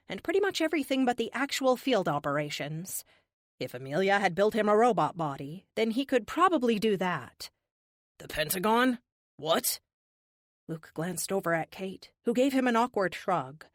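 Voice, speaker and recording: A woman reads an action audiobook in a lively, expressive voice with plenty of pitch movement. The recording is dry and close, with no room sound. Her pitch sits in a middle range. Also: no echo. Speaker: audiobook narrator. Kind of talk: scripted narration.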